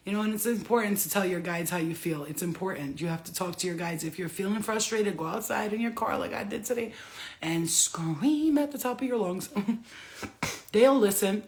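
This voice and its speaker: A woman's voice: medium pitch, normal speed. A woman talking casually in a vlog about spiritual life, laughing often, swearing freely and acting out other people's words. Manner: animated, mimics others in put-on voices. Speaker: spiritual vlogger. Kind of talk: casual monologue.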